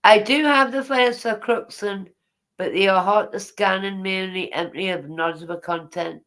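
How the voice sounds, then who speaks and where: A woman's voice: mid-range voice, normal speed, a bit bright. A woman, casually reading her memoir aloud and breaking off for chatty, teasing asides.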